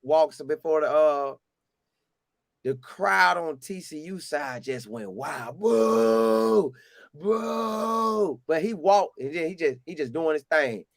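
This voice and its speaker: High-voiced Southern man telling a story. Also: measured pace, dry recording, clean studio sound. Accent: Southern US, Florida. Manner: animated, acts out quotes in a higher voice. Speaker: storyteller recounting a game visit. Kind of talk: casual storytelling.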